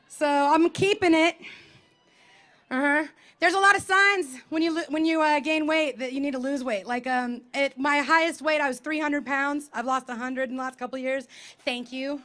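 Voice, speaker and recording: A woman's voice: high voice, pushed and bright. A woman in her thirties performing a self-deprecating stand-up comedy set on an outdoor festival stage, speaking into a handheld mic with punchy timing.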